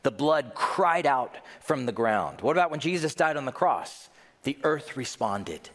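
Animated preaching man, echoing hall. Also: mid-range voice, unhurried. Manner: animated preaching with rhetorical questions; jokes with the congregation. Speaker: pastor. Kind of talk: sermon.

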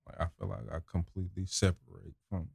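A man co-hosting a casual podcast chat, slangy and quick to chime in. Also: low-pitched, little pitch movement, creaky, a little mellow, breathy edge, no echo, studio quality. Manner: slangy, chiming in. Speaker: co-host.

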